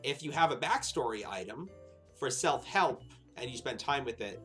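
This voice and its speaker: A man's voice: mid-range voice, animated, normal speed, a bit bright, faint music behind. A man running a tabletop horror game as game master, describing scenes and rules with many fillers. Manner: rambling with frequent fillers and laughs.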